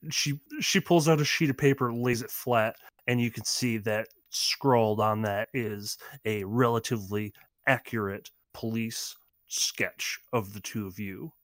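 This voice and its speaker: A man narrating as game master of a tabletop game in a relaxed, descriptive way. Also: on the low side, unhurried, dry recording, studio quality.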